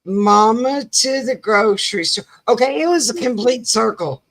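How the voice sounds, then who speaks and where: A woman co-hosting a casual chat show while sick, with a croaky voice and a folksy, rambling way of telling stories. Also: on the high side, expressive, normal speed. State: sick, under the weather. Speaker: co-host of a live chat show.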